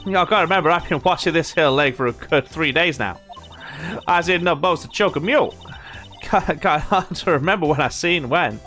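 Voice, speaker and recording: A man voicing a brash Southern country woman photographer in a put-on US Southern drawl, loud and folksy. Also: fairly high pitch, normal speed, soft background music.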